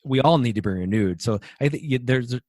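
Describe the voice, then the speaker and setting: A man hosting a podcast who talks about faith in a relaxed, folksy way and uses homely idioms. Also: mid-range voice, fast, no room sound, clean studio sound. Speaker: podcast host. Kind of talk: casual faith discussion.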